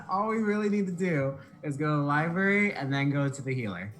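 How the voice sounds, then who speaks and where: A man's voice: a little high, expressive, moderate pace, fairly bright tone, faint music behind. A man playing a co-op video game on a livestream, talking in a dry, teasing way. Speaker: co-op gaming partner. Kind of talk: casual let's-play chat.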